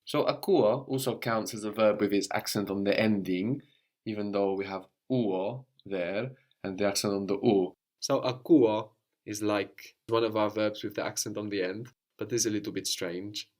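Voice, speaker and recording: A man with a fairly low voice teaches a language, unhurried and patient. He prompts his student with questions and checks understanding with a quick "no?". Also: a little mellow. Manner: patient, questioning, often tags "no?". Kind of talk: guided language lesson.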